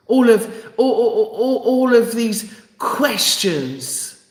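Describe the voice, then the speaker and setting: A woman hosting a live stream to her viewers, talking emphatically and repeating phrases for effect. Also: medium pitch. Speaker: channel host. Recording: echoey room.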